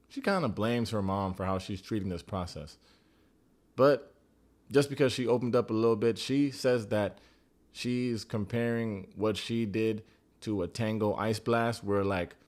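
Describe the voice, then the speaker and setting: An American man giving a casual, joking recap of a reality dating show, blunt and sarcastic, swearing freely. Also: lowish voice. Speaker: TV recap reviewer.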